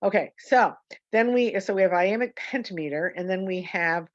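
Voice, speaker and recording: A woman's voice: medium pitch, moderate pace, dry recording, muffled recording. A woman teaching an online poetry lesson, rambling and correcting herself with many fillers. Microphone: video call.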